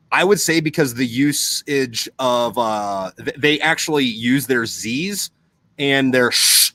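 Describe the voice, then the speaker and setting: A young man chatting casually on a podcast, rambling and swearing constantly as he explains things. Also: mid-range voice. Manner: profane, rambling, animated.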